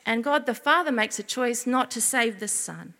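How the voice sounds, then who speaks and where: A woman giving an expressive children's sermon as a preacher, often asking her listeners questions. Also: on the high side, normal speed, in a large hall.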